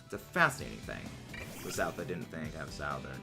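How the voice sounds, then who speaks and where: A man's voice: a bass voice, big pitch swings, a little fast, gravelly, over music. A man livestreaming, chatting casually with his viewers in a rambling, musing way full of fillers and restarts. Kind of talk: casual chat while gaming.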